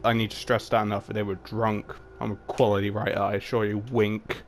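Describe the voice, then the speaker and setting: A man's voice: lowish voice, flat delivery, fairly quick, faint music behind. Crude self-mocking young man reading aloud. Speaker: fan-fiction writer and reader. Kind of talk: comedic reading with asides.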